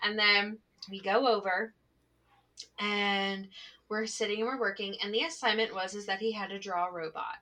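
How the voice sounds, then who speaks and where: Very bright-voiced woman telling a story. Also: medium pitch, normal speed, poor audio. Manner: animated, lots of "like", laughs while telling. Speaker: special education teacher. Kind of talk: casual storytelling chat.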